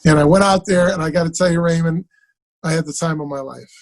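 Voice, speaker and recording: A man, an actor guest on an interview, telling stories in an animated, casual way and acting out the dialogue. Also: a little high, quick pace. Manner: animated, acts out quoted dialogue.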